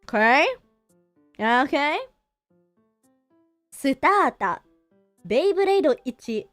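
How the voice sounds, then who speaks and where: A Canadian woman hosting a casual livestream, her high voice bouncing all over the scale as she chats playfully and laughs easily. The sound is close and dry, with faint music playing underneath. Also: very animated, fairly bright tone, no echo. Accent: Canadian English. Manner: playful and chatty, quick laughs. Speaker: livestream host.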